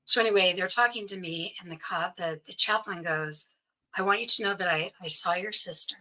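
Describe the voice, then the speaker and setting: A woman's voice: fairly low pitch, fairly quick, pushed and bright, low-quality recording. A woman guest recounting a personal story in an interview, earnestly quoting what others said to her. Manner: earnest, quotes others' speech as she tells it.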